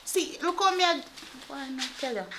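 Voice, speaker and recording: A woman's voice: high voice, moderate pace, a bit bright, a little hiss or hum, rough recording. A woman with a Jamaican accent playing a remorseful young woman who confesses a deception and begs forgiveness. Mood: pleading. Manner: pleading, apologetic. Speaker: actor in a film. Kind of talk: low-budget film acting.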